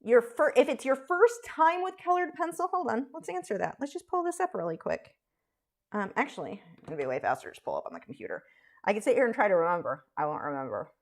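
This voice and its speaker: A woman's voice: fairly high pitch, very animated, fast. A woman chatting casually while teaching a live drawing stream, frank and talkative, with frequent fillers and restarts. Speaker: art instructor streaming live.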